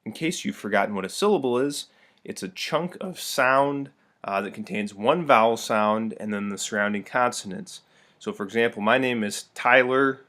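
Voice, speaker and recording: A man's voice: on the low side, normal speed, sharp tone. A young man teaching a recorded lesson, playful and full of joking asides.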